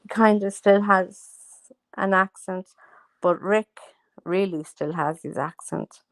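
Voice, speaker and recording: A woman's voice: mid-range voice, slow pace, dry recording. A woman chatting casually at home, rambling through stories with plenty of fillers. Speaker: host. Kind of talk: casual chat.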